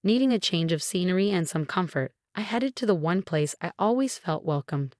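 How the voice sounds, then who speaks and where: A woman reading a first-person story in an even, measured narration, reading the dialogue in her own voice. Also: on the low side, no room sound, studio quality.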